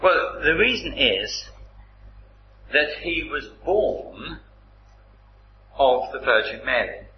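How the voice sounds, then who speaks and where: A man preaching a sermon, slow and deliberate, reading scripture aloud with strong emphasis. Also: medium pitch, sing-song, slight background noise. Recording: roomy, slightly dull recording.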